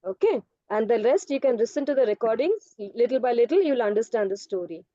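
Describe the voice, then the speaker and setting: Woman teacher, high mellow voice, patient and explanatory, on a dull, dry video call. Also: animated, a little fast, dry recording. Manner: patient, explanatory, calls students "beta". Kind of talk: online class answering students' questions. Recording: dull online call audio.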